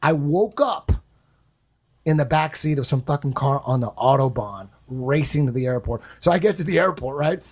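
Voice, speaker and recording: A man casually telling an animated, profane story on a podcast, acting out voices and sounds. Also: on the high side, normal speed, slightly rough. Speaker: guest storyteller.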